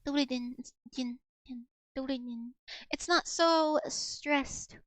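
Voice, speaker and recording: Giggly high-voiced young woman streamer. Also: takes it slowly, no room sound. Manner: giggly, self-deprecating, repeats words over and over. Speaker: streamer learning Russian. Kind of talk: casual stream chat practicing pronunciation.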